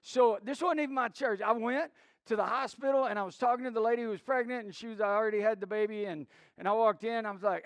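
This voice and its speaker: High-voiced pastor telling stories. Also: male voice, fast talker, no echo. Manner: storytelling with many restarts and acted quotes. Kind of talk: sermon.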